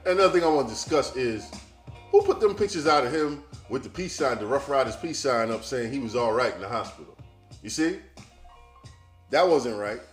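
A man hosting a podcast, talking in a loose, profane and animated casual monologue straight to his listeners. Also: mid-range voice, moderate pace, reverberant, soft background music. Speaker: podcast host.

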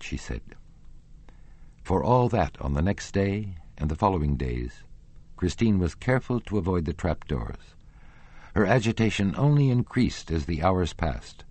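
Deep, husky male audiobook narrator. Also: sing-song, unhurried, a little mellow, no room sound. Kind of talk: classic novel audiobook narration.

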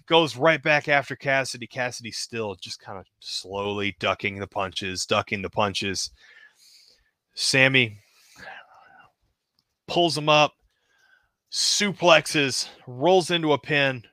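A man's voice: medium pitch, slow pace, pauses often, dry recording, clean studio sound. Man calling toy wrestling play-by-play. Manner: casual, hedging with "kinda", excited at pinfalls. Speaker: host narrating a toy wrestling show. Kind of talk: play-by-play narration.

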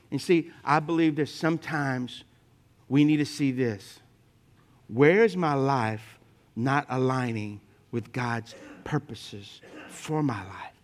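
Animated male preacher telling stories. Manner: lively storytelling with humor, speaking to the congregation; swings from loud emphatic points to quiet, low asides. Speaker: pastor. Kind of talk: sermon.

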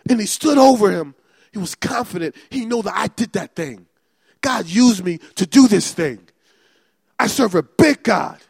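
A male pastor preaching a fervent, repetitive sermon that builds to shouting. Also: sits high, lively intonation, normal speed, gravelly, slightly rough, dry recording, clean studio sound.

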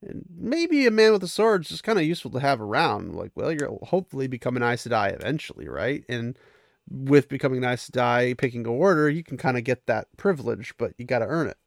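A man's voice: medium pitch, big pitch swings, normal speed, gravelly, no room sound, studio quality. A man casually recapping a fantasy novel, chatty and amused, lightly voicing the characters as he goes. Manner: chatty, laughs at the story, voices characters lightly. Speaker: book recap host.

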